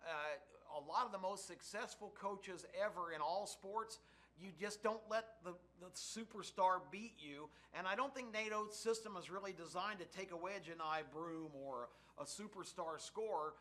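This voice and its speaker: A man co-hosting a sports talk show, giving measured, analytical takes. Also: high voice. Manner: measured analytical, steady explanations. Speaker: co-host.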